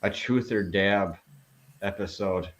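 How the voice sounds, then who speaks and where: A man's voice: on the low side, takes it slowly. A man hosting a casual round table chat, often stumbling and repeating words.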